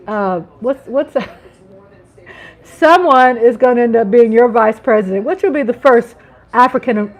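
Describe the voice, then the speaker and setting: A middle-aged woman from the United States hosting a live chat stream, talking casually, laughing often and greeting viewers by name. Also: a little high. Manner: chatty, laughing, reading out chat names.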